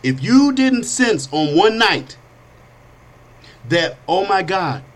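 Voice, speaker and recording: A middle-aged man hosting a talk show, telling personal stories in an animated, streetwise way with casual slang. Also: sits high, slow. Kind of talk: storytelling monologue.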